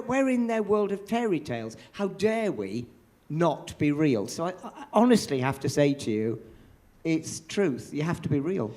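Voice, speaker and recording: An older man, a veteran pantomime performer, telling theatre stories in an interview and acting out the voices he quotes. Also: a little high. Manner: animated storyteller, acts out quoted voices. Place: theatre after a show.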